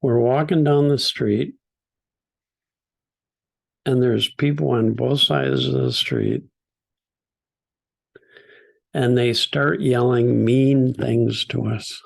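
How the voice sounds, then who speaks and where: An older man speaks with a deeply gravelly, husky voice. He tells stories to a group in a gentle, unhurried way. His pitch sits in the middle. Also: expressive. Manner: gentle, unhurried storytelling with soft laughs. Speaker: teacher. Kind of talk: storytelling talk.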